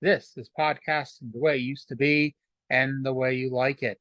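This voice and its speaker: A man's voice: mid-range voice, fairly even intonation, normal speed, a bit bright, no echo. A man hosting a podcast, recapping episodes casually with lots of fillers and asides. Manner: rambling, with many fillers. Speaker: podcast host.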